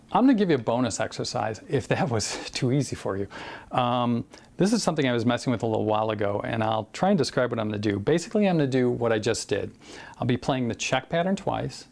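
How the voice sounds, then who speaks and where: A man teaching a drum exercise in a relaxed way, talking it through with many fillers and counting beats aloud. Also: medium pitch, gravelly. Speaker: drum instructor. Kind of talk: casual drum lesson with counting.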